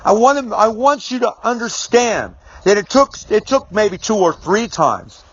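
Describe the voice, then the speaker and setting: A middle-aged man with a high voice for his sex tells a personal story to camera in a casual, rambling way, restarting sentences and swearing mildly. He drives his points home with firm repetition. The recording sounds dull and lo-fi. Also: big pitch swings, measured pace, slight background noise. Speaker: business speaker. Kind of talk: storytelling video monologue.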